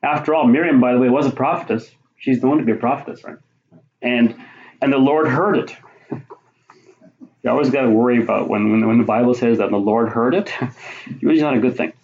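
A man preaching a sermon, teaching conversationally through scripture and rising to forceful emphasis on key points. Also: medium pitch, brisk, long pauses. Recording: roomy, dull lo-fi sound.

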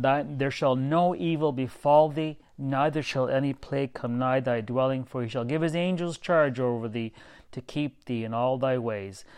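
A man's voice: mid-range voice, a little mellow, smooth. Man preaching, reading scripture aloud. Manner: reads verses then muses aloud with rhetorical questions and chuckles. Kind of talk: informal sermon with scripture reading.

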